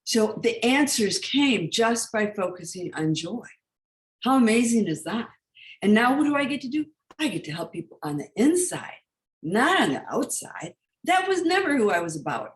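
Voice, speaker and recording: A woman's voice: on the high side, very animated, normal speed, roomy sound. A woman hosting an online talk, telling her own story in an emphatic, heartfelt way. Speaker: host. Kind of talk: spiritual coaching talk.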